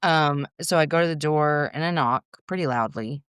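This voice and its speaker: A woman talks straight into a close podcast mic, her voice smooth and clean, the room dry with no echo. She tells her story candidly, swearing freely and drifting into quick asides. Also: low voice, a bit bright. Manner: frank, swears freely, rapid rambling asides. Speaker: podcast guest.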